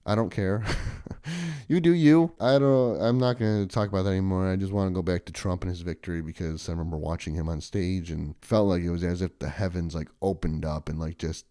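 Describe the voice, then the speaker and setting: Dark-voiced chatty man rambling to camera. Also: fairly quick, dry recording, studio quality. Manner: chatty, sarcastic, mocks others in shrill impressions. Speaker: vlogger. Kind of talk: casual rambling monologue.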